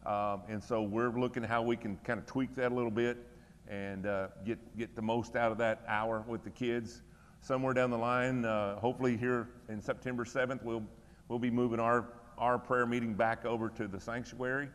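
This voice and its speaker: A man's voice: mid-range voice, little pitch movement, moderate pace, in a large hall. A middle-aged man serving as pastor, giving church announcements and prayer requests in a folksy, conversational, encouraging way in a church room.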